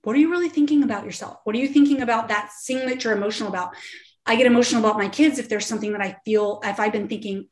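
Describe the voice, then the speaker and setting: A woman's voice: on the high side, racing. Earnest woman in a roomy echo. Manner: earnest, encouraging, laughs often. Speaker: podcast guest. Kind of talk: casual interview talk.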